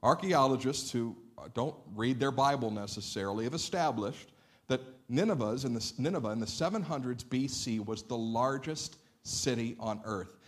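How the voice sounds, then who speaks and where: A man preaching a sermon, reading scripture dramatically and then speaking in relaxed, conversational asides. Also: mid-range voice, moderate pace. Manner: dramatic scripture reading, rising loud on quoted lines. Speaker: pastor.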